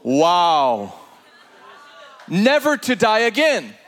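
A high-voiced man delivers an energetic sermon. He is animated and playful, and he throws in laughing asides to the congregation. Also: a little slow. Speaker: preacher.

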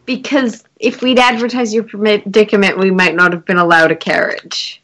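A woman's voice: medium pitch, fairly even intonation, moderate pace, a bit bright, low-quality recording. A woman playing a tabletop game, chatting in and out of character. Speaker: player. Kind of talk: casual tabletop game chat.

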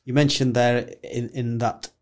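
A man's voice: mid-range voice, little pitch movement, measured pace. A man hosting a podcast interview, talking conversationally and steering the talk with questions. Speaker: podcast host.

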